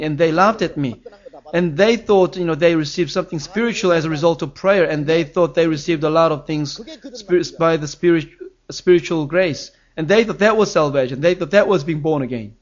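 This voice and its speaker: A man's voice: a little high, fairly quick, highs cut off. A man preaching a sermon as pastor, earnest and emphatic, his voice rising on key phrases.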